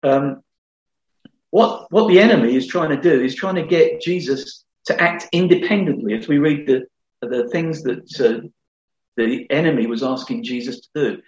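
A man's voice: mid-range voice, normal speed. A middle-aged man preaching a sermon in an earnest, conversational way, often restarting his phrases. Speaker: pastor. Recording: echoey hall, slightly dull sound.

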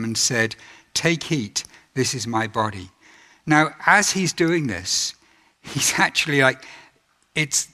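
A man preaching a reflective, earnest sermon, reading scripture aloud and pausing to dwell on it. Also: medium pitch, pushed and bright.

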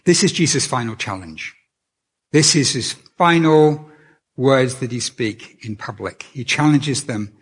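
A man's voice: medium pitch, expressive, unhurried, husky. A man preaching a sermon in a conversational way, often restarting his sentences. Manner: conversational, with many restarts and fillers.

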